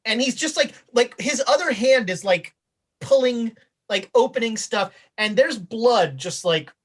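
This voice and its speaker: A woman's voice: fairly high pitch, expressive, a little slow, husky. A woman running a tabletop game as game master, narrating casually with lots of fillers and restarts.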